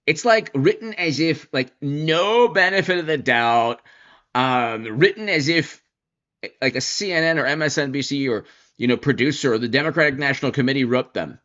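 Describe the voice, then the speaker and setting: A man delivering an opinion commentary monologue in an animated, sarcastic manner, mocking opponents by putting on their voices. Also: medium pitch, normal speed, dull audio. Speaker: political commentator.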